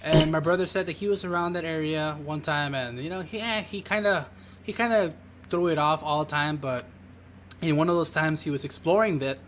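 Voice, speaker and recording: A man with a somewhat high voice tells a secondhand tale on a casual podcast. He rambles, hedges and keeps restarting his sentences. Faint background noise is heard behind him. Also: a little fast, fairly bright tone. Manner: rambling, hedging, with many "basically"s and restarts. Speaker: podcast co-host. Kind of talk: casual storytelling.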